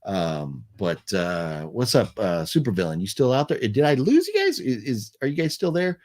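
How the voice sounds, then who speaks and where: A man's voice: mid-range voice, wildly swooping pitch, normal speed, a little mellow. A young American man hosting a casual live stream, talking loosely with lots of fillers and restarts while he reads and answers viewer comments. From United States. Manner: rambling, many fillers and restarts, friendly. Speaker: livestream host. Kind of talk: casual live chat reading super chats.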